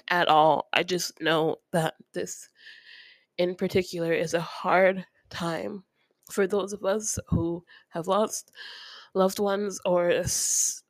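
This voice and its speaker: A woman's voice: lowish voice, no room sound. Tearful woman podcaster, close and dry. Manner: soft, earnest, emotional, with small nervous laughs. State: tearful, sniffling. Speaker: podcast host. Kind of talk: heartfelt podcast monologue with spoken prayer.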